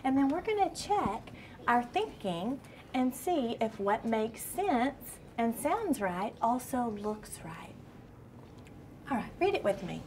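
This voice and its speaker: A woman kindergarten teacher leading a shared reading lesson, patiently questioning children and sounding words out slowly. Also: a little high, very animated, darkish tone. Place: classroom with young children. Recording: classroom recording with clear background noise.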